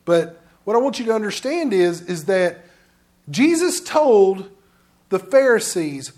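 High-voiced man preaching a sermon. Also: very animated, unhurried, darkish tone. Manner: conversational, direct preaching to the congregation. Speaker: pastor.

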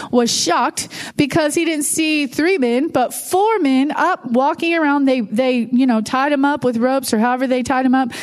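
High-pitched woman preaching in church, chatty and animated, lots of "you know"s. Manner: conversational, animated storytelling with fillers. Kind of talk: sermon.

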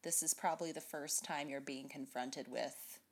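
A woman's voice: low-pitched, steady tone, normal speed, slightly rough. A woman co-hosting a podcast, chatting enthusiastically about a children's book and laughing often. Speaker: podcast co-host. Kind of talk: casual book discussion.

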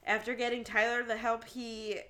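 Woman cohost doing true crime, bright voice, reads her notes then cracks jokes. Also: a little high, little pitch movement, moderate pace. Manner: reads case notes, jokes and laughs between facts. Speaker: podcast co-host. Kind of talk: casual true-crime podcast chat.

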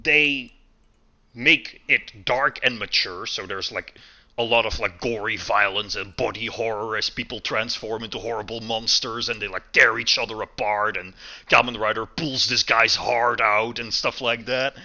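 Bright-voiced man chatting loosely. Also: normal speed, highs cut off. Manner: rambling, many fillers and restarts, lively swings in pitch. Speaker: podcast co-host. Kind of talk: casual chat.

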